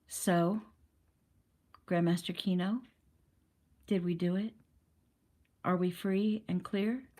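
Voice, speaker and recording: Woman reading as a young man asking calmly. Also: fairly low pitch, slow pace, pauses often. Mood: questioning.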